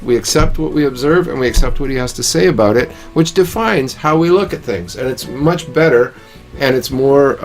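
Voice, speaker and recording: A man co-hosting a casual chat, explaining his view in an earnest way with stammered restarts. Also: mid-range voice. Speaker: co-host.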